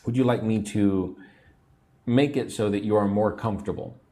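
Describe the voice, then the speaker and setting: An American man with a low-ish, dark-toned voice speaking at normal speed teaches an English lesson on a livestream. He patiently repeats words for learners but sounds a little sleepy, even yawning.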